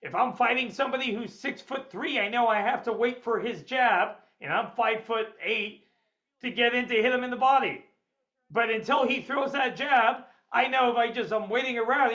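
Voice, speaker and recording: High-voiced, blunt male sales trainer. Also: normal speed, lo-fi sound. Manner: energetic, blunt, swears freely, acts out client quotes. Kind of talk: webinar seminar lecture.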